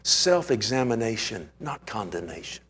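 A man preaching a sermon, acting out the scenes he retells, with big swings between high, loud cries and low, hushed lines. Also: sing-song, moderate pace, breathy edge. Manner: dramatic, acts out quotes with big swings in pitch and loudness. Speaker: pastor.

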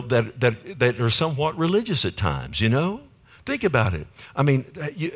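An older man preaching a sermon, telling a folksy story and asking the congregation for an amen. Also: mid-range voice. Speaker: pastor.

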